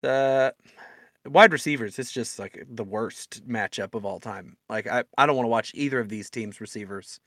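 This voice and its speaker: A young man trades offhand, joking banter on a football podcast. His voice sits at a middle pitch and is recorded dry, with no room sound around it. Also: normal speed, fairly bright tone, no echo. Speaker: podcast co-host. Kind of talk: casual sports podcast chat.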